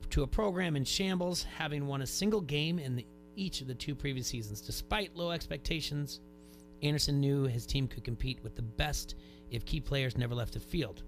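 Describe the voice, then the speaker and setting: A man hosting a sports radio show, chatting casually, often restarting his sentences. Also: medium pitch. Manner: rambling, restarts sentences, reads posts aloud.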